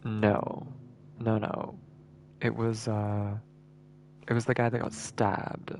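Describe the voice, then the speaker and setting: A man's voice: lowish voice, flat delivery, slow, vocal fry, a little mellow, slight background noise. A male streamer giving casual gameplay commentary, thinking aloud and repeating words as he works things out.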